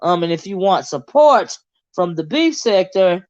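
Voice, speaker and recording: A woman hosting a casual livestream gossip chat, reading viewer comments aloud in a chatty, laughing way with drawn-out asides. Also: fairly low pitch, big pitch swings, a little mellow. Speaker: host. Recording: dull lo-fi sound.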